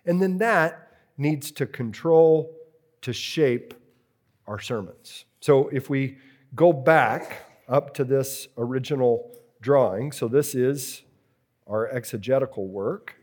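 A man teaching a preaching workshop to a live group, slow and deliberate, repeating key phrases as he works through a drawing. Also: mid-range voice, a little mellow.

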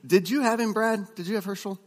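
A man teaching a class of preachers, chatty and relaxed, with fillers and restarts as he tells stories. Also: sits high, brisk, long reverb tail. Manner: conversational, many fillers and restarts, storytelling asides. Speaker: preaching instructor.

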